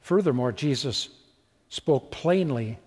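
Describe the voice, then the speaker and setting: A man's voice: mid-range voice, animated, slow, a little mellow, husky, long reverb tail. A male preacher telling a story vividly in a sermon, often asking rhetorical questions.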